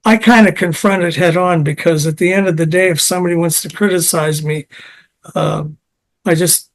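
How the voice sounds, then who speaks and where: High-voiced man explaining technical health detail. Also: steady tone, moderate pace. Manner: digressive, technical, storytelling. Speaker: guest, health science expert. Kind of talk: conversational interview.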